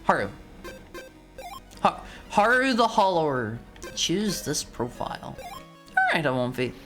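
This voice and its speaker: A woman's voice: low-pitched, very animated, slow pace, over music. A young woman streamer chatting casually while playing a game, rambling and often stumbling over and repeating her words. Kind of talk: casual let's-play commentary.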